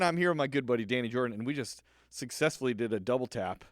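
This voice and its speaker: A man hosting a holiday podcast in casual, upbeat banter, chatty and quick to laugh. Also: medium pitch, lively intonation, no echo. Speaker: podcast host.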